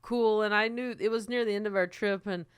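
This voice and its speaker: A woman co-hosting a podcast who tells stories in a lively, animated way, often trailing off and restarting. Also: medium pitch, brisk, clear, resonant tone, dry recording. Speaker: podcast co-host. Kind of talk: casual chat.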